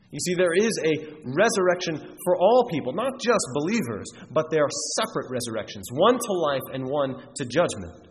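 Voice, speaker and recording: A man's voice: a little high, very animated, normal speed. Man, preacher, earnest emphatic sermon, long reverb, faint background hiss. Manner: earnest, emphatic, with frequent restarts. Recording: reverberant hall, faint noise.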